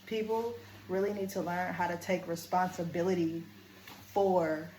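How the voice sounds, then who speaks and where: A woman who vlogs and coaches speaks straight to camera in a casual video, earnest and deliberate, moving between firm and gentle tones. Her slightly low voice, with fairly even intonation, rings in an echoey room over a faint hiss of ambience.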